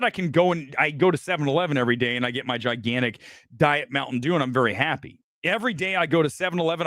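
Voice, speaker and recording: A man with a fairly high, swooping voice hosts a live film-reaction stream, ranting bluntly and with plenty of swearing. He boasts about his judgment and dares his viewers to disagree. The sound is dry and close. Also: fairly bright tone, no echo. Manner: challenges viewers directly. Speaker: film critic host.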